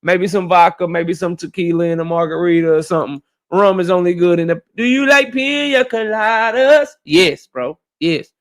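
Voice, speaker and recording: Slangy high-voiced man greeting viewers. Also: fairly even intonation, brisk, hardly any pauses. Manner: laid-back, slangy, greets viewers one by one. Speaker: livestream host. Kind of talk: casual live-stream shout-outs.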